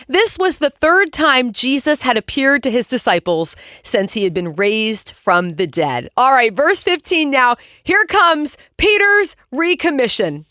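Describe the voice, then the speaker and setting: Woman, devotional podcast host, high voice, earnest Bible teaching straight to the listener, dry studio sound. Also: very animated, a little slow, sharp tone, dry recording.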